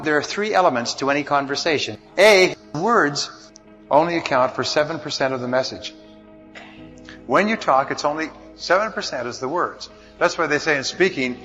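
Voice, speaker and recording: A man gives a motivational seminar talk and walks through his points one by one, like a lecturer. His voice sits a touch high. The recording is dull and lo-fi, with clear music playing under it. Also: bright, forceful tone. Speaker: motivational speaker.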